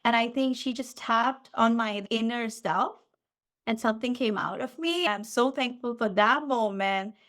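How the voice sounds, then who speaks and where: A woman in her forties, a podcast guest, telling a personal story in a relaxed, animated way and acting out what she said back then. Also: on the high side, measured pace. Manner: animated, acts out her own past lines. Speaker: podcast guest, physical therapist. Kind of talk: casual storytelling in interview. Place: lived in the Midwest.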